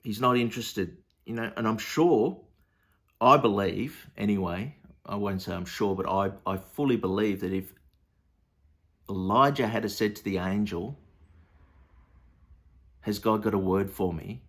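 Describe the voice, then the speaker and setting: Preacher, male, lowish voice, chatty Bible teaching with lots of ums and restarts. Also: unhurried, a bit bright, husky. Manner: conversational, hesitant with many fillers and restarts.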